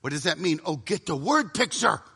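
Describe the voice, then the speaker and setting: A middle-aged man preaching a sermon to a live audience, dramatic, often dropping to a hushed voice for emphasis and acting out inner voices. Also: on the high side, big pitch swings, normal speed, slightly rough.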